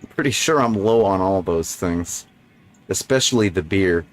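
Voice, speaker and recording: A man's voice: sits low, animated, moderate pace. A man streaming a video game, talking into a desk microphone in casual, jokey and sarcastic commentary that rambles along.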